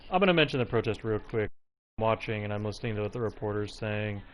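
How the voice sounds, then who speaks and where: A man's voice: fairly low pitch, fast talker, fairly bright tone, highs cut off. A man giving casual, rambling live commentary while streaming a game from home, now and then breaking off to talk to his cat. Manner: chatty, rambling, breaks off to coo at his pet. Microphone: personal mic close to him.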